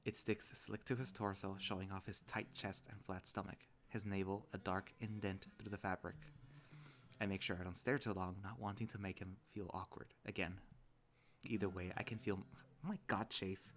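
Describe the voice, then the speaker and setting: A man reads a visual novel aloud in a casual, low-pitched voice. He narrates in first person and now and then steps out to comment on his own reading. Faint music plays underneath. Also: flat delivery, normal speed.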